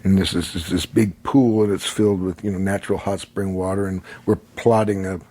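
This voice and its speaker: An older man with a husky, gravelly voice spins a long, rambling personal story. He laughs often and jumps into animated voices for the people in his tale. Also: sits low, fairly quick. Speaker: podcast guest. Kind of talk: casual storytelling.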